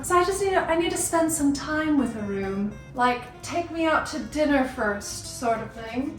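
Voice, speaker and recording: Brief: young woman, high bright voice, chatty upbeat home vlogger thinking aloud while tidying. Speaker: lifestyle vlogger. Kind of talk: casual thinking-out-loud vlog. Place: apartment room with a loud air conditioner.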